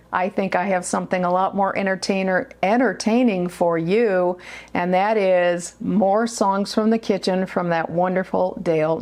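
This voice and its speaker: A woman's voice: mid-range voice, a little mellow. A woman hosting a home cooking show, chatting casually as she explains each step at the stove in her kitchen.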